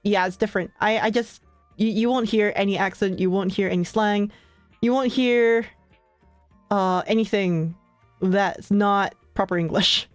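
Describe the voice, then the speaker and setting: A young woman streamer chatting casually with her viewers, relaxed and full of filler words, often laughing between thoughts. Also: mid-range voice, unhurried, no echo, faint music behind. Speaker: streamer hosting her own channel.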